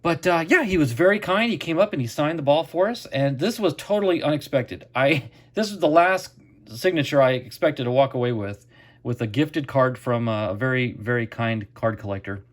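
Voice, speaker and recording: A man's voice: mid-range voice, moderate pace. A middle-aged man casually telling a story to camera as the host of a card collecting channel, chatty and acting out quotes.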